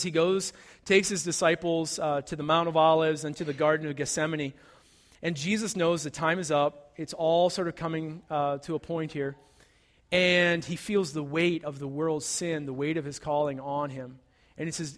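A man with a notably high voice delivers a sermon as a casual, conversational story. He keeps asking "right?" and leans on "like." A long reverb trails behind his voice, as in a large hall. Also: fairly even intonation, moderate pace. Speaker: pastor.

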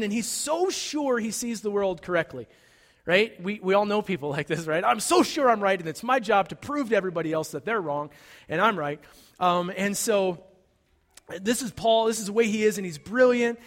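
A man preaching a sermon, retelling a story in a conversational way and often checking in with "right?". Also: high voice. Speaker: pastor. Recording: long hall reverb.

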